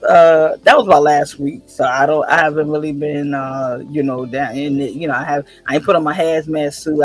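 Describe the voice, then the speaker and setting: A woman hosting a casual gossip livestream who tells stories with animated energy and acts out the quotes. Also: low-pitched, husky. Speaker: host.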